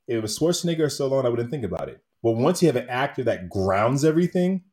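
Regular guy, medium voice, animated movie chat, laughs a lot. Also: medium pitch, fast talker. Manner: animated, laughs often, acts out quotes. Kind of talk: casual chat about movies.

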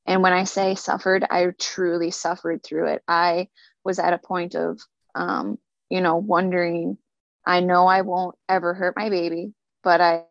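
A woman telling her own story in an earnest, halting way, sometimes repeating words. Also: fairly low pitch, flat delivery, creaky, no room sound. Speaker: speaker sharing a personal story. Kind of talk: personal testimony. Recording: dull lo-fi recording.

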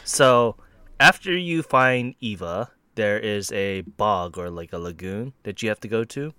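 Excitable man with a bright, lively voice. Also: lowish voice, smooth, no room sound. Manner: excitable, laughs often, stumbles and restarts. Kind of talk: casual gaming chat.

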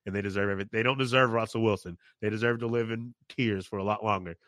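Blunt, bright-voiced male co-host. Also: fairly low pitch, steady tone, quick pace, no room sound, clean studio sound. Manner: blunt, opinionated, laughs often. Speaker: podcast co-host. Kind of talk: casual sports chat.

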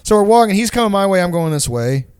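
A man's voice: high-pitched, big pitch swings, quick pace, darkish tone, clear, resonant tone, no room sound. A young man telling stories in a casual chat, rambling and profane, full of "like" and slang. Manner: rambling, profane storytelling with lots of "like". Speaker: podcast co-host.

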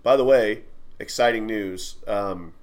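A man's voice: on the low side, unhurried. A man co-hosting a podcast, telling a long childhood story in loose, rambling casual chat and swearing along the way. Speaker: podcast co-host.

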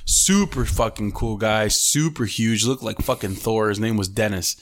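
A man's voice: lowish voice, moderate pace. A young man co-hosting a podcast, telling loose gym stories in casual chat, full of swearing and "bro" and "dude.". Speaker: podcast co-host.

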